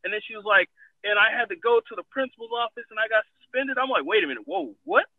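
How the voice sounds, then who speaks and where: High-voiced man on a tinny line. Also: fairly even intonation, fast, no echo. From Los Angeles. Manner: loud, profane storytelling with laughs and quoted voices. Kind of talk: casual chat. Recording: dry, phone-like narrow sound.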